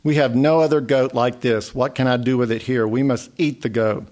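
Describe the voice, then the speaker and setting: A man's voice: medium pitch, steady tone, normal speed, a little mellow, lightly acted. A man reading aloud, voicing an old man's mournful wife who wails and pleads. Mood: pleading. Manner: wailing, pleading.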